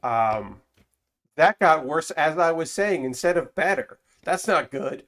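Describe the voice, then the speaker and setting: A man's voice: a little high, expressive, a little slow, fairly bright tone. A man streaming while building a model kit, talking casually in a rambling, self-correcting way with frequent swearing. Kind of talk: casual live-stream chat.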